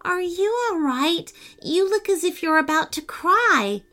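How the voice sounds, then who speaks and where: A woman's voice: very high voice, expressive, a little slow, sharp tone, voice pushed up, heavily acted. A woman voicing Milla, a caring young girl in a children's storybook.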